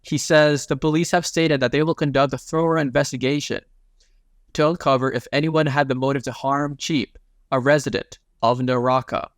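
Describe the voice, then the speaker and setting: A man's voice: medium pitch, steady tone, moderate pace, no room sound, clean studio sound. A man narrating a comic recap in a casual, slangy way, retelling each panel in plain speech.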